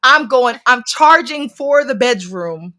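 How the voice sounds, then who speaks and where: A woman in her thirties on a casual stream, telling a personal story with loud, expressive outbursts and plenty of swearing. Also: fairly high pitch, takes it slowly, a little hiss or hum. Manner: expressive, swears freely, acts out scenes with sudden loud outbursts. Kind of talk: casual chat, animated storytelling.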